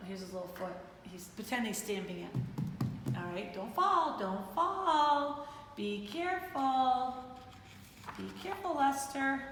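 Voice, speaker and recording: A woman reading a picture book aloud to children, animated and talking to them between pages. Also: sits high, takes it slowly, music in the background. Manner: animated, talks to kids and plays with puppets. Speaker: children's storyteller. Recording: echoey hall with faint noise.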